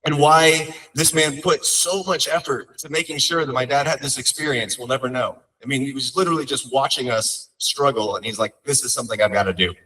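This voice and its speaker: A man's voice: mid-range voice, fairly quick, hardly any pauses, pushed and bright, far from the mic, low-quality recording. A young man speaking as a son at his father's memorial, telling heartfelt stories with light humor. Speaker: son giving a eulogy. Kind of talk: memorial eulogy storytelling.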